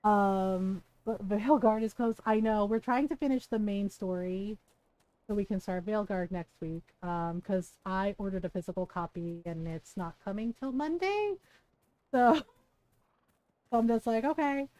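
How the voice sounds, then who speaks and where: A woman streaming a video game, chatting casually and telling stories in an animated way, with plenty of swearing. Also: medium pitch, a little slow, no echo, poor audio. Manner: animated storytelling with frequent swearing and laughter. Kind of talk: casual gameplay chat.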